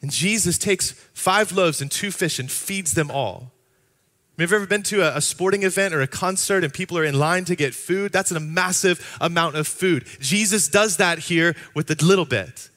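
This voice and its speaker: A man's voice: high voice, normal speed, bright, forceful tone. A man preaching a sermon in a conversational way, breaking into playful asides. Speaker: pastor.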